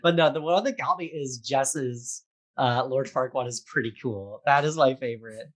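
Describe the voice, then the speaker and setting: A man's voice: mid-range voice, moderate pace. A young man, a guest on a talk show, chatting casually and rambling with lots of fillers and laughter. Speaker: theatre maker guest. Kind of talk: casual interview chat.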